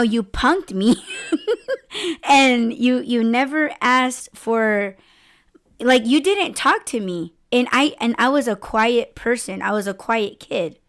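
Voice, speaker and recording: A woman's voice: fairly high pitch, a bit bright. A woman in her forties hosting a podcast, chatting candidly, laughing often and swearing freely. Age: 40s. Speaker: podcast host. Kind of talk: casual chat.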